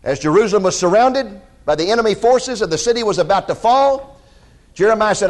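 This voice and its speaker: A man preaching a sermon, telling scripture stories in an animated way and acting out the quotes, and directing listeners to passages. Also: high voice, fast talker. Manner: animated storytelling with dramatized quotes.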